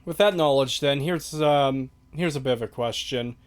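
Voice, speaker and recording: A man's voice: mid-range voice, normal speed. A man hosting a casual stream chat, sarcastic and rambling. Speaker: stream host.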